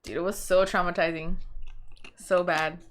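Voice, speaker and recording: A woman's voice: on the low side, flat delivery, moderate pace, slight background noise. A young woman co-hosting a podcast, telling a story in casual chat with lots of swearing and "dude". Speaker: podcast co-host.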